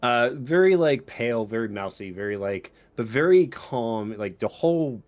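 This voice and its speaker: A man's voice: mid-range voice, expressive, normal speed. A man running a tabletop game as game master, narrating casually with many fillers and restarts.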